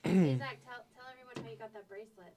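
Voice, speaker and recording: A woman chiming in quickly from the side of a casual comedy podcast. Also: medium pitch, animated, warm tone. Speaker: off-mic participant. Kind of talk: casual chat. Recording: off-mic with clear background noise.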